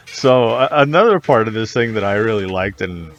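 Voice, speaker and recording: A man's voice: lowish voice, normal speed, a little hiss or hum. A man co-hosting a podcast, chatting casually with a lot of swearing, frequent laughter and trailing restarts. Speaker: podcast co-host.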